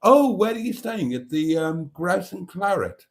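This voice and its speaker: A man's voice: high-pitched, sing-song, a little slow. A man hosting a live stream, chatting casually and reading viewer comments aloud.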